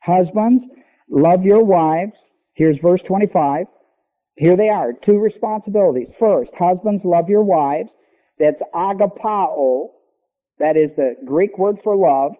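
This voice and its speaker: A man preaching a sermon, teaching emphatically and slowing down to stress key words. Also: on the high side. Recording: long hall reverb, dull lo-fi sound.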